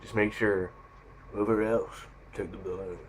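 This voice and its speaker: A teenage boy voicing a stern, menacing biker father who speaks low and quiet. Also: level tone, measured pace, a little hiss or hum, natural voice.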